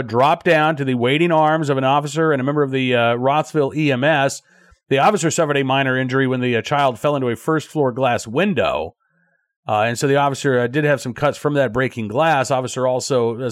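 A man's voice: medium pitch, fast talker, no echo, studio quality. A man hosting a daily news commentary show, talking conversationally with frequent fillers and restarts.

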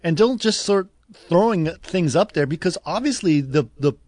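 A man's voice: fairly high pitch, expressive, normal speed, a little mellow, dry recording. A man in a casual political chat, talking in an easygoing way with exasperated asides.

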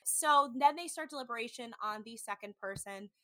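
A woman's voice: fairly high pitch, a little fast, bright, forceful tone, no echo. A woman hosting a casual podcast, recapping a reality show in a chatty way with lots of "like". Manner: chatty, heavy use of "like", mimics people in quotes. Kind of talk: casual chat.

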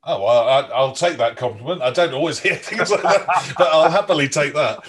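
A man's voice: fairly high pitch, fairly quick. A man hosting a podcast interview, chatting in a rambling way with frequent restarts. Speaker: podcast host. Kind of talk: casual interview chat.

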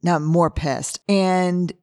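A hoarse woman hosting a podcast, telling animated stories in a casual monologue and acting out what people said. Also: fairly low pitch, takes it slowly, dry recording, studio quality. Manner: animated storyteller who acts out quotes, with frequent restarts. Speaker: podcast host and researcher. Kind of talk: casual monologue answering listener questions.

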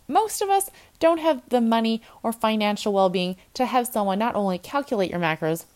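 A woman coach delivering a motivational podcast monologue with a blunt, no-excuses edge. Her voice sits at an ordinary middle pitch, and she pushes listeners hard while staying plainspoken and direct. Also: darkish tone. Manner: blunt tough-love pep talk. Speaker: nutrition coach and podcast host.

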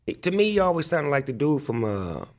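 A man's voice: a little high, sing-song, a little fast, darkish tone. A man, a rapper being interviewed, telling stories in a loose, profane way full of fillers. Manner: loose, profane, filler-heavy storytelling with frequent "like". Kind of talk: casual interview storytelling.

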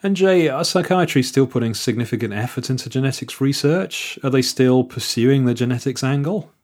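A man hosting an interview, asking measured questions that sum up what the guest said. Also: mid-range voice, a little mellow. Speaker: host.

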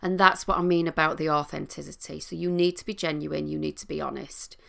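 Low, gravelly-voiced woman coach. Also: fairly quick. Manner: calm, explanatory, with sing-song demonstrations. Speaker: coach and trained therapist. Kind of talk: talking to camera, teaching.

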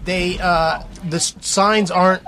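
A man's voice: sits high, fairly even intonation, a little slow, bright, forceful tone. A man, a comedian, chatting casually and dropping wry asides. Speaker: comedian co-host. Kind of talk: casual chat.

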